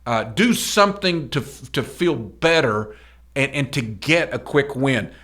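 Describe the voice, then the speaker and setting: A man's voice: mid-range voice, lively intonation, measured pace, fairly bright tone. A middle-aged man co-hosting a motivational podcast, talking in a folksy, emphatic, preacher-like way. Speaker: podcast co-host.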